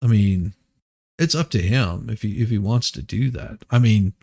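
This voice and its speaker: A man's voice: lowish voice, normal speed, a little mellow. A man hosting a casual news commentary stream, rambling and restarting his sentences as he laughs at absurd claims. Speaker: host.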